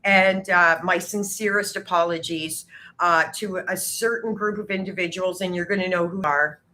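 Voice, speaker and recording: A woman talking to her camera in a halting, hesitant way, full of filler words. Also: fairly low pitch, fairly even intonation, bright, forceful tone. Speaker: video creator. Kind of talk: vlog monologue.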